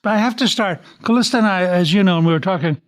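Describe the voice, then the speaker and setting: A man hosting an interview podcast, speaking in a measured, deliberate way with personal asides. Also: high-pitched. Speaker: podcast host.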